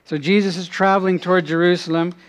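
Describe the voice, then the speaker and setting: A man preaching a sermon, earnest, dropping to a hushed voice in prayerful moments. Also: sits high, little pitch movement, fast talker. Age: adult, father has passed away. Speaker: pastor.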